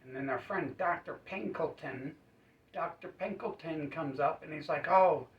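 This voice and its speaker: A man's voice: fairly high pitch, normal speed, a little hiss or hum. Man rambling through an echoey story. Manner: rambling, storytelling, many fillers. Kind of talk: rambling comic monologue. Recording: roomy, distant, dull sound.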